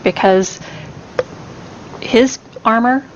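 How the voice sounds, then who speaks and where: A woman describes her character's actions in a casual, slightly halting way during a tabletop game. Her voice sounds dull and lo-fi, with faint noise behind it. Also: fairly high pitch. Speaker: player.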